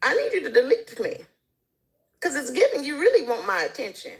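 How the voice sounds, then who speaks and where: A woman's voice: sits high, huge pitch swings, a little fast, rough recording. A woman guest in casual conversation, telling stories animatedly and acting out the people she quotes. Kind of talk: casual chat.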